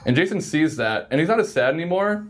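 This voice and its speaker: A man's voice: a little high, lively intonation, quick pace. Casual man running a tabletop game. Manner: casual, upbeat, with many fillers. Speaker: game master. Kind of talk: narrating a tabletop game on stream.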